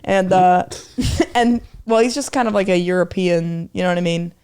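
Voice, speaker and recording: A woman's voice: lowish voice, normal speed, a little mellow, slight background noise. A woman with an American accent, raised in England, telling rambling stories as a comedian guest on a podcast. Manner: rambling storyteller, lots of likes and restarts. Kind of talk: casual podcast chat.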